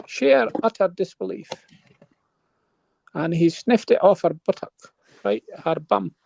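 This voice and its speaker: A man's voice: high voice, lively intonation, measured pace, creaky, a little mellow, no room sound. A man telling a long rambling story on a live panel, checking in with his listeners. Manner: rambling, keeps checking in with "right?".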